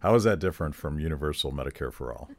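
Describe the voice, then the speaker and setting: A man hosts an interview podcast. His voice is extremely deep, and he speaks in halting phrases full of restarts, with a wry edge. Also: animated. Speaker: podcast host. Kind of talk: interview conversation.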